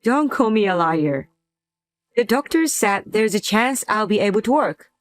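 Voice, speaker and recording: A woman playing a young wife who uses a wheelchair, speaking in a gentle, pleading way in a scripted drama. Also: mid-range voice, animated, measured pace, lightly acted. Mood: hurt. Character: young wife in a wheelchair, hurt but patient.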